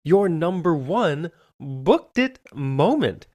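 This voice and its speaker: A male podcast host leads the conversation, asking his guest to walk through a key moment. His pitch moves in a lively, animated way, and he keeps the tone encouraging. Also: takes it slowly. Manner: encouraging, brief affirmations. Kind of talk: casual interview.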